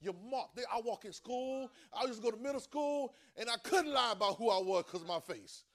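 Sex: man. Role: preacher. Style: high-voiced emphatic sermon. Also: animated, a little fast, a bit bright. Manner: emphatic, repeats phrases, calls for responses from listeners. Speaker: preacher teaching a Bible class.

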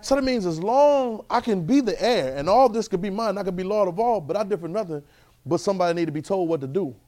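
A man teaching a Bible class in a sermon style, animated, with constant call-and-response checks of his listeners. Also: sits high, fast talker. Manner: repetitive call-and-response, keeps asking "right?"; animated, swings loud and soft.

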